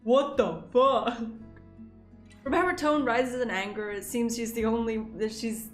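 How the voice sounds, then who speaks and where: A young Scottish woman with a Scottish accent reads a story game aloud, reacting in an animated, swearing, laughing way. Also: fairly high pitch, a little slow, roomy sound, soft background music. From Scotland. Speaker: gaming YouTuber.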